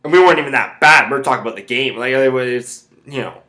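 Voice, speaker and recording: Male podcast host, brash and profane, tense bright voice, loose rambling delivery. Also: mid-range voice, fast talker. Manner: rambling, heavy swearing. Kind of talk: casual storytelling rant.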